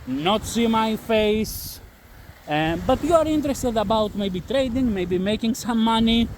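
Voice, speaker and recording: With a high pitch, lively intonation and a measured pace, the man speaks English with a non-native accent, English not being his first language. He hosts a trading channel and, talking casually to a camera-less audience, bluntly covers trading risk, repeats himself and swears over faint wind noise.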